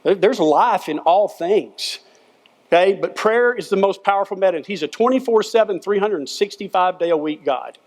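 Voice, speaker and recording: An older man with a drawl preaches at a school chapel, earnest and encouraging. His voice sits a touch high for a man, and he leans on short, repeated phrases in a folksy coaching manner. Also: animated, moderate pace. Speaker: former football coach, chapel speaker.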